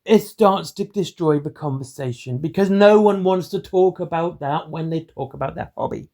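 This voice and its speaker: A man hosts his own channel and talks straight to camera. His voice sits a little high for a man. He delivers it all in a self-described monotone and wanders from point to point. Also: moderate pace. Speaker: hobby channel host. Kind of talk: rambling solo commentary.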